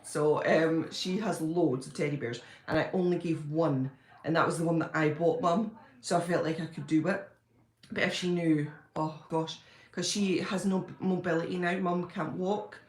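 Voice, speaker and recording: A woman chatting on a home live stream, bubbly and quick to gush and laugh. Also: low-pitched, fairly even intonation, darkish tone. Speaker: livestreaming fan-channel host. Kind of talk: casual live-stream chat. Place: at home, indoors. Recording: echoey room.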